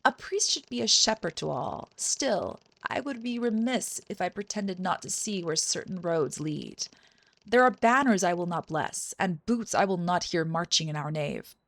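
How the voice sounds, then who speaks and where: A woman's voice: on the low side, expressive, creaky, fairly bright tone, exaggerated voice. A formal village priest, as a woman reads him aloud. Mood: calm, formal. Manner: measured, courteous reading of game dialogue. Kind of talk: reading game dialogue aloud.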